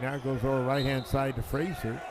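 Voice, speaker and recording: A man calling a basketball game play by play, excitable and quick in bursts. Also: medium pitch, heavy background noise. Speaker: play-by-play announcer. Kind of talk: live basketball commentary.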